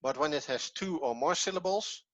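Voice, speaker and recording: A man's voice: on the high side, moderate pace, fairly bright tone. A man with a Dutch accent, his first language Dutch, teaching an online language lesson patiently and step by step with repetition. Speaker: Hebrew teacher.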